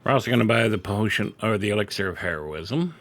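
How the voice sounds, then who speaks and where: A man's voice: animated, fast, fairly bright tone. Middle-aged guy streaming games, chatty, jokes at his own expense, voice bouncing up and down a lot, desk mic at home. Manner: chatty and self-deprecating, jumping up and down in pitch. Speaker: game streamer. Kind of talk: casual live-stream commentary.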